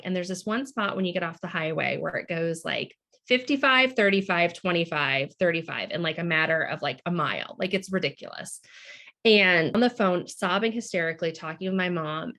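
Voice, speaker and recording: Guest, American woman, candid and chatty, slightly low voice. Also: expressive, moderate pace, vocal fry, fairly bright tone. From United States. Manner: candid, lots of fillers. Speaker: podcast guest. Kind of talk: emotional personal storytelling.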